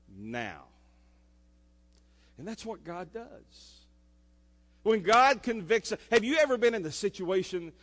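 A man preaches a sermon in a slightly high voice. He swings between forceful emphasis and quiet, intimate asides. His words ring with the long echo of a church sanctuary. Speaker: pastor. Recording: echoey church hall.

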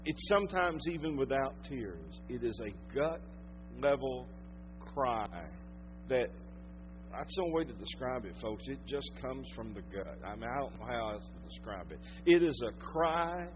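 A man with a Southern US accent, preaching a sermon as a pastor. He swings from loud emphasis to hushed tones and draws out his phrases. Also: medium pitch, lively intonation, unhurried, lo-fi sound, a little hiss or hum.

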